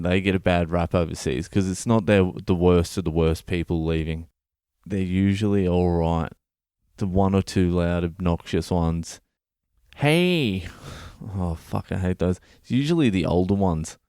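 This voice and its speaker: A man's voice: deep voice, mellow, clean tone, no room sound, studio quality. An Australian man in his thirties, a comedian hosting his own podcast, delivering a profane, ranting comedic monologue.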